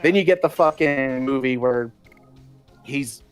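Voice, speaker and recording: A man's voice: medium pitch, measured pace, clean tone, soft background music. A man chatting casually on a gaming stream, ranting with plenty of swearing. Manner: profane, ranting.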